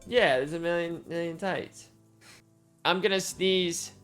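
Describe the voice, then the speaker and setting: A man's voice: a little high, unhurried, fairly bright tone, smooth, faint music behind. A man playing a survival game with a friend, laid-back and hesitant, often laughing. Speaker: fellow player in a survival game. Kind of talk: casual gaming chat.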